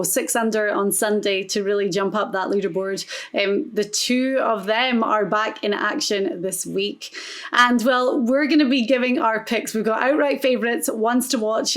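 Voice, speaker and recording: A woman's voice: medium pitch, fairly bright tone. A woman co-hosting a golf podcast, asking questions and talking over picks in a chatty way. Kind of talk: casual golf chat.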